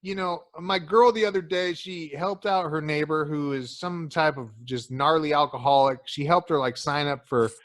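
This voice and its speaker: A man with a slightly high voice co-hosts a podcast in crude, casual chat. He swears nonstop, throws "dude" around, and tells stories with lively energy. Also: moderate pace, few pauses. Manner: profane, swears constantly, calls listener "dude"; animated storyteller, acts out quotes. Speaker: podcast co-host.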